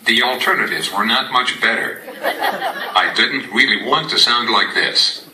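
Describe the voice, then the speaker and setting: A plain adult male computer voice with a mid pitch speaks in a flat synthetic way, as a man's speech device swaps voices. It is heard from a distance in a roomy space with clear noise. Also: measured pace, lightly acted. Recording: echoey, distant, noisy.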